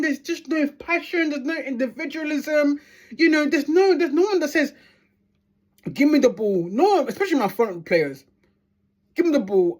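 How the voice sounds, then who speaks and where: A woman's voice: high voice, a little mellow. Sweary ranting woman. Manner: heated, sweary, repeats phrases for emphasis. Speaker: football fan vlogger. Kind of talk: angry fan rant.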